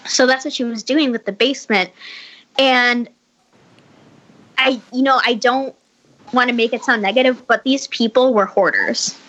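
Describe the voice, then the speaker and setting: Woman, casual storytelling, rambling, bright voice, video call. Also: on the high side, normal speed, pauses often, muffled recording. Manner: chatty storyteller, many likes and restarts. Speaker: podcast guest telling a story. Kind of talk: casual chat.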